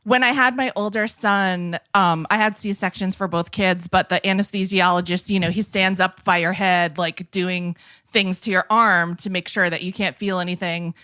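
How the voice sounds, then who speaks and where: A woman's voice: on the low side, fairly even intonation, moderate pace, pushed and bright, clean tone, dry recording. A woman guest on a podcast, telling a wry story in casual interview chat.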